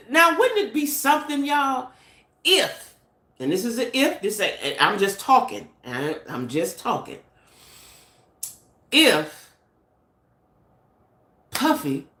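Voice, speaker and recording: A woman's voice: medium pitch, a bit bright, roomy sound. A middle-aged American woman hosting a casual gossip live stream, chatty and speculative, talking straight to her viewers. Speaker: channel host.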